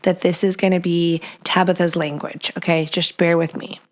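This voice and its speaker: This podcast host is a woman with a fairly low, flat voice who talks at a moderate pace. In a casual chat she hands out frank, playful advice, bluntly teasing and sometimes dropping into whispers or acted-out quotes.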